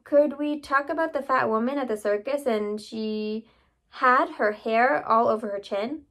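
A woman's voice: on the high side, measured pace, a bit bright. Woman reading as an eager schoolboy. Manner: eager, pleading. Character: curious young schoolboy asking odd questions.

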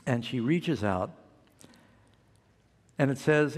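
A man's voice: medium pitch, expressive, takes it slowly, pauses often, in a large hall. An older man preaching a sermon as pastor, telling a story and acting out the quoted voices.

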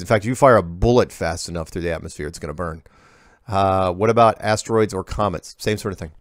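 A man's voice: dry recording, studio quality. A man from the US Pacific Northwest reading viewer emails in a casual solo Q&A, offhand and prone to drifting into asides and self-corrections. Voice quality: low gravelly voice.

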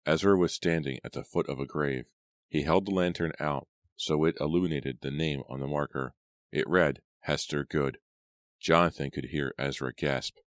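A man reading a horror audiobook aloud in a dramatic, measured way. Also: rumbling low, dry recording, clean studio sound. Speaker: audiobook narrator. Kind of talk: scripted narration.

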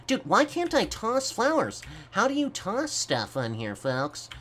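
A man doing goofy gameplay commentary, stammering and talking slowly to his viewers as folks. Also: high-pitched, wildly swooping pitch, a bit bright. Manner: slow, stammering, goofy, keeps addressing folks. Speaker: gaming YouTuber.

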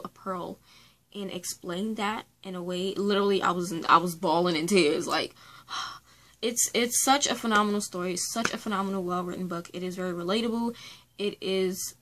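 A woman's voice: fairly low pitch, moderate pace, a bit bright, low-quality recording. Young female book reviewer, casual and heartfelt, talks with frequent ums and restarts. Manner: chatty, earnest, with many fillers.

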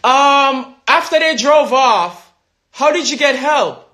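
A woman hosting a live stream, with a high, bright voice and clear tone. She asks gentle, probing questions and lets her guest talk. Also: slow. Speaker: live show host.

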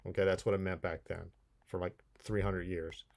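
A man's voice: sits low, level tone, normal speed, vocal fry, darkish tone. A man, a college English teacher, giving a recorded video lecture in a conversational, playful way, with asides while he explains poems.

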